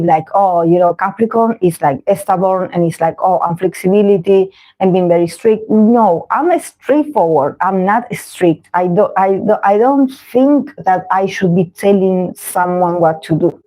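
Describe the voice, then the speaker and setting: Frank female tarot host, unhurried reflective musing, mellow tone. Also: medium pitch, no room sound, rough recording. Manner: frank, reflective, searching for words. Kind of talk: casual livestream monologue.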